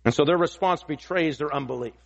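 A pastor preaching an expository sermon, emphatic and repeating key phrases for weight. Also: male voice, a little high, fast talker, creaky, muffled recording.

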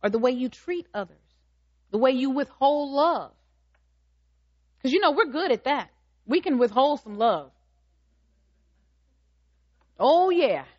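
High-voiced woman preaching with emphatic questions. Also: lively intonation, slow pace, pauses often. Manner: emphatic, asks the congregation repeated questions. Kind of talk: sermon. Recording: dull, slightly lo-fi sound.

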